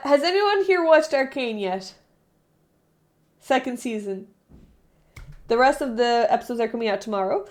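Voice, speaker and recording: A young woman streamer chatting casually with her live chat, rambling, correcting herself and laughing often. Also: on the high side.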